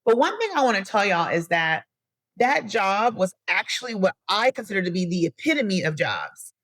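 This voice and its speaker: A woman's voice: mid-range voice, normal speed, dry recording. Chatty woman podcast host telling stories. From US Midwest. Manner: chatty, animated storytelling, addresses listeners as y'all. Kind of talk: solo podcast monologue.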